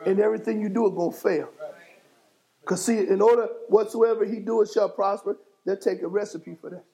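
A bishop delivers a fiery sermon from a church sanctuary pulpit, his steady voice high for a man with a gravelly edge, at a brisk pace on a rough recording. He pushes his congregation with call-and-response and sudden shouts.

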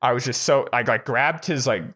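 Profane, animated man telling stories. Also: mid-range voice, moderate pace, breathy edge. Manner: animated, profane, acts out dialogue. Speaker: podcast co-host. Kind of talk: casual chat, storytelling.

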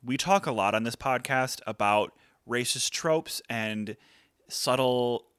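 A man's voice: medium pitch, slow, fairly bright tone, clean tone, dry recording, studio quality. A man co-hosting a podcast, chatting earnestly with lots of fillers. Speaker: podcast co-host. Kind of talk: casual chat.

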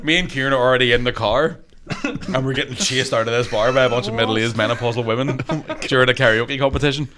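A man's voice: mid-range voice, quick pace, crowd noise. Laughing, profane man. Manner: profane, laughing through his own stories. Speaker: stand-up comedian guest. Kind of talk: casual podcast storytelling.

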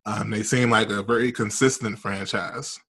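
Deep voiced guy on a sports podcast, kinda low but punchy, gets animated. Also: normal speed, creaky, husky. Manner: animated, emphatic and conversational. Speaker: podcast co-host. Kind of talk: casual sports podcast chat.

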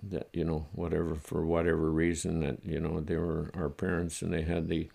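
Gravelly older man, slow halting recollection. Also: rumbling low, monotone. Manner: halting, reflective, chuckles softly. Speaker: interviewee recalling his childhood. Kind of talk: oral history interview.

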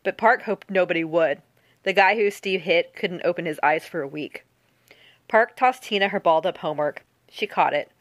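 Woman audiobook narrator, lowish voice, steady delivery, dry close mic. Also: moderate pace, no room sound. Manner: even, steady storytelling.

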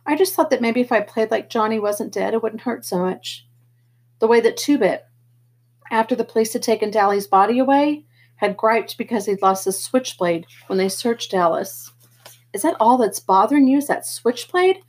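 A woman reading a novel aloud in first person, steady and plain, with the odd slip. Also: on the high side, moderate pace, husky. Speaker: audiobook reader.

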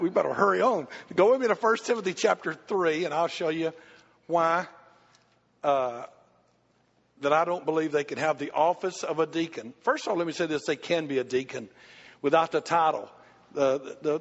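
Older man, pastor, high voice, muffled sound, long hall echo. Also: breathy edge. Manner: animated storytelling, acts out quoted voices. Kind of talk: church Q&A teaching.

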